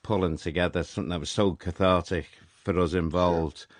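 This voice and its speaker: A man's voice: low voice, steady tone, fairly quick, no echo. A man with a Liverpool accent interviewing a guest in a radio studio, earnest and chuckling. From Liverpool, England. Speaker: interviewer, former photojournalist. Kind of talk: conversational interview.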